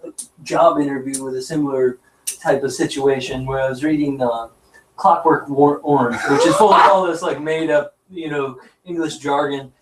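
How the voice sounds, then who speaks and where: A man's voice: medium pitch, fairly even intonation, moderate pace, a little hiss or hum. A man from Wisconsin co-hosting an internet radio show, telling stories in a dry, laid-back way. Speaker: radio co-host. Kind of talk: casual banter on internet radio. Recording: roomy and distant from mic.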